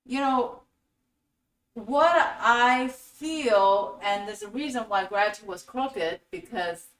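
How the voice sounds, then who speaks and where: A woman hosting a spiritual teaching talk in a fairly high voice, animated and acting out little scenes as she explains. Her voice sounds set back from the mic in a roomy, echoey space. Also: slow. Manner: animated storytelling with acted-out quotes. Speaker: host. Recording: echoey room, voice from a distance.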